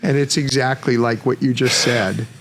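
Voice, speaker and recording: A man in his fifties, a podcast guest, telling a story in a frank, animated way and swearing freely. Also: mid-range voice, moderate pace. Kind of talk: casual storytelling.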